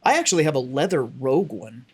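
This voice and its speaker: A man's voice: mid-range voice, expressive, fast, slightly rough. A man co-hosting a podcast in casual chat, rambling and swearing freely, often trailing off mid-sentence. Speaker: podcast co-host.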